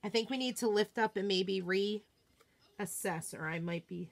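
A woman hosting a live craft demonstration, chatting casually and excitedly, often murmuring quietly to herself as she works. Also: medium pitch, unhurried, vocal fry. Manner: bubbly, chatty, self-deprecating, often drops to a murmur while working. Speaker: craft livestream host.

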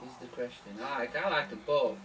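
A man's voice: medium pitch, fairly quick, crowd noise. A man in casual chat, reading out questions and giving short, plain answers. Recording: distant voice with loud keyboard typing.

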